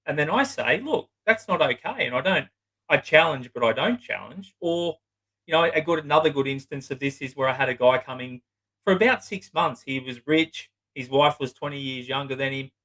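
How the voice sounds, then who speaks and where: A middle-aged man, a psychotherapist appearing as a guest, recounts client stories during an informal interview at normal speed. His voice is bright, forceful, fairly high and animated, his language blunt and profane, and he keeps slipping into performing other people's lines. The recording quality is low.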